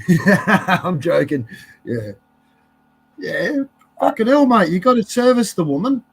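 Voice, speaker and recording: A man's voice: sits high, very animated, a little slow, gravelly, breathy edge, dry recording. A man chatting casually, answering with blunt, crude banter. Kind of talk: casual chat.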